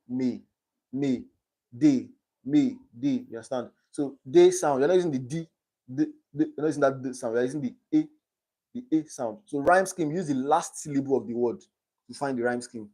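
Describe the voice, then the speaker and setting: A man's voice: mid-range voice, normal speed, darkish tone. Young man tutoring on a live stream. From Nigeria. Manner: reads quiz options aloud and checks understanding.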